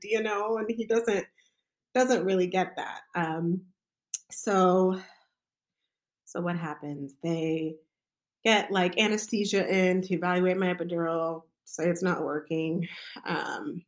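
A woman with a somewhat low voice tells a personal story in a casual, chatty way, as a midwife speaking from her own experience. Her talk is loose and conversational, with plenty of fillers. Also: steady tone, takes it slowly.

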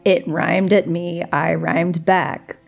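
A woman's voice: lowish voice, flat delivery, slow, creaky, soft background music, full character voice. A woman playing a practical female adventurer who speaks in a dry, matter-of-fact way.

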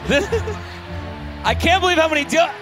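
With a very high, animated voice heard over music, this podcast co-host jokes rapidly with the crowd during a comedic live show on stage in a theater.

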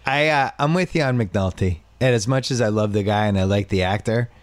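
A man's voice: lowish voice, brisk, no echo. A man hosting a pop culture podcast, opinionated and talking in short bursts with restarts. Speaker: podcast host. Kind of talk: casual pop culture chat.

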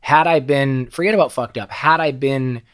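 A man's voice: medium pitch, normal speed, smooth. A middle-aged man as a podcast guest, telling personal stories in a candid, emotional way, swearing freely and often repeating and restarting words. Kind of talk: candid conversational storytelling.

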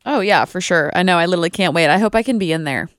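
A woman's voice: fairly low pitch, lively intonation, rapid-fire, fairly bright tone, dry recording, clean studio sound. A young adult woman co-hosting a podcast, bantering playfully and joking around. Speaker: podcast co-host. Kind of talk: casual chat.

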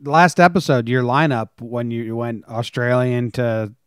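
A man's voice: mid-range voice, steady tone, a little slow, clear, resonant tone, no echo, studio quality. A man co-hosting a casual sports podcast, laid-back and teasing. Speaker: podcast co-host.

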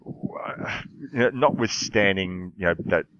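A man hosting a podcast, talking casually about a film in a halting, rambling way. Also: low-pitched, fairly bright tone, dull audio. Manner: rambling, halting, many restarts. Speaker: podcast host.

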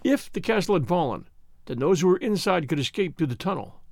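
A man voicing a cautious castle jailer who speaks quietly and carefully, reading a storybook tale. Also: sits high, big pitch swings, gravelly, no echo, clean studio sound, heavily acted. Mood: guarded. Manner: quiet and measured.

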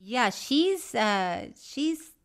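A woman co-hosting a comedy podcast, chatting casually and reading listener mail aloud with a quick laugh. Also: on the high side, sing-song. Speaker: podcast co-host.

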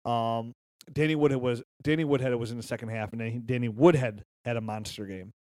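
A man co-hosting a podcast, chatting about football in a lively, joking, excitable way. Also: mid-range voice, fairly quick, dry recording, clean studio sound. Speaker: podcast co-host. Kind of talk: casual sports chat.

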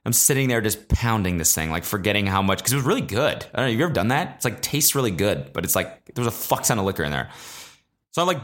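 A man's voice: on the low side, a bit bright. A young man hosting a podcast, telling a story in a rambling, profane, self-mocking way, full of fillers. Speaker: podcast host. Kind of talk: casual solo storytelling.

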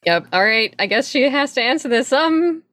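A woman's voice: high-pitched, animated, moderate pace, a bit bright. A woman playing a tabletop game, casual and playful. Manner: laughing, playful. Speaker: player.

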